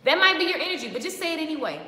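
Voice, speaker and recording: A woman giving a lively, chatty motivational talk on a live stream, greeting viewers by name. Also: high-pitched, very fast. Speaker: motivational vlogger. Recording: echoey with long reverb.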